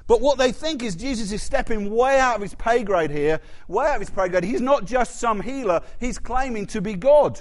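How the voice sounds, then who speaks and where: Animated preacher, high-pitched man. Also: normal speed. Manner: animated, conversational preaching with asides to the congregation. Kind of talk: sermon.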